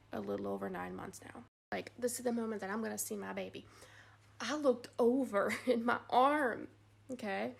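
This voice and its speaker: Young female vlogger, casual rambling storyteller, slightly high and gravelly, lots of "like"s. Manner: animated, rambling with many "like"s.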